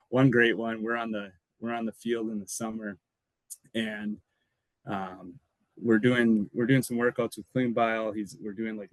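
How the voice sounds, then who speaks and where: A man's voice: on the low side, dry recording, rough recording. A man, a former college football lineman, casually telling rambling stories as a podcast guest and laughing between anecdotes. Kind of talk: casual storytelling.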